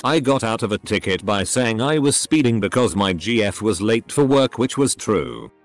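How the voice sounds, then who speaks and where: Lively low-voiced male story narrator. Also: normal speed, no room sound. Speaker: narrator reading online stories. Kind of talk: scripted narration.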